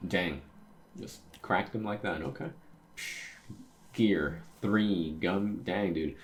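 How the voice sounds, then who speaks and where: A man's voice: sits low, slow, a little hiss or hum. A man hosting a casual manga reaction, talking in a loose, laid-back way with frequent exclamations. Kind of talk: casual reaction while reading a comic aloud.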